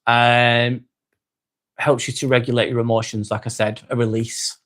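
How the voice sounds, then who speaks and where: A chatty man from England hosts a livestream, casually reading comments and leaning on fillers and repeated phrases. His medium-pitched voice is level and fairly bright, at a moderate pace.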